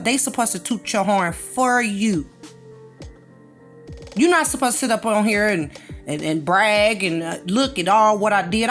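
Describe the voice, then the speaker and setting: In a relaxed monologue of commentary, a female host sermonizes and reprimands, drawling her way into scornful asides. Her voice is pitched in the middle, and music can be faintly heard behind her.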